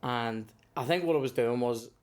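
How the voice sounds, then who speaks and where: A man's voice: medium pitch, moderate pace. A man with a Northern Irish accent, a comedian telling stories in casual chat, swearing freely and acting out the people in them. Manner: swears freely, acts out others in his stories. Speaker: comedian guest.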